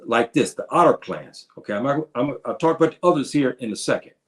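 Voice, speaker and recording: An American history presenter gives an informal lecture, addressing his listeners as brothers and sisters and often halting to restart phrases with repeats. His voice is mid-range and expressive.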